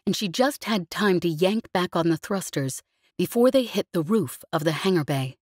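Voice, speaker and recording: Low, expressive woman narrator for a sci-fi-style audiobook, dry close studio sound. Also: moderate pace, no room sound. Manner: expressive, vivid storytelling.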